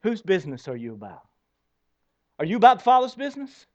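Pastor guy preaching, animated, lots of questions to the crowd, kinda high voice, dull muffled recording. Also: quick pace. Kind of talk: sermon.

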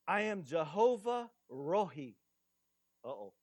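A man preaching a sermon as pastor, lively and quizzing the congregation. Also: on the high side, takes it slowly, no echo.

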